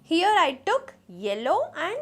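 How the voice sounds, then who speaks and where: A high, lively female voice belongs to a kindergarten teacher running a phonics lesson for little children. Slow and deliberate, she sounds out letters and poses questions to the class.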